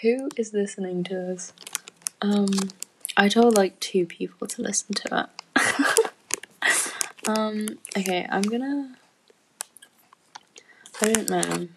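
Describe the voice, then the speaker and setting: A woman's voice: mid-range voice, slow, pauses often, background noise. A woman in casual rambling chat from home, giggly and full of fillers, often dropping to a near-whisper. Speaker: student podcaster.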